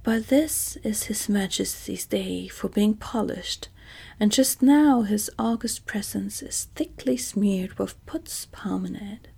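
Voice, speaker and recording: A woman's voice: mid-range voice, slow pace, creaky, warm tone, slightly rough, exaggerated voice. Woman whispering as a polite old servant. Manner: polite, formal. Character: aged polite palace servant man. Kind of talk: whispered role-play.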